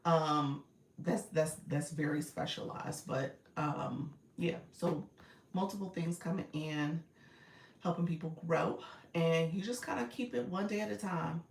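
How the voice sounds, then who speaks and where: A woman's voice: low-pitched, unhurried, vocal fry, a little hiss or hum. A woman, coaching casually on a live stream, reading viewer comments, laughing often and calling her audience y'all. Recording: roomy echo, a bit far from the mic.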